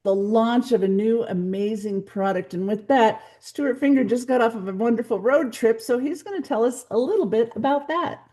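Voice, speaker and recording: Upbeat high-voiced woman hosting. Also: moderate pace, few pauses. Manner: upbeat, excited. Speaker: meeting host. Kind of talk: hosting an online company meeting.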